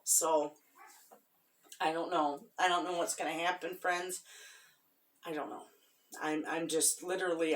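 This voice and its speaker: A middle-aged woman, chatting to her viewers in a halting, somber way with many restarts. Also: on the low side, distant mic. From Michigan. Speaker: homestead vlogger. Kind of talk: casual chat to viewers.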